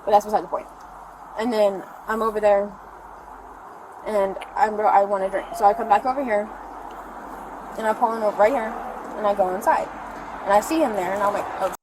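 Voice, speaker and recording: Body cam audio, noisy and recorded outdoors by a store parking lot, catches an arrested mother rambling breathlessly to police about what happened. Her medium-pitched voice is a little fast and fairly even, broken by long pauses.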